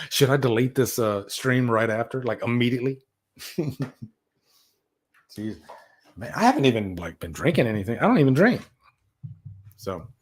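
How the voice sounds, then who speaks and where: A man hosting a casual livestream, rambling and animated as he tells stories and reads out chat. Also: on the low side. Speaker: livestream host.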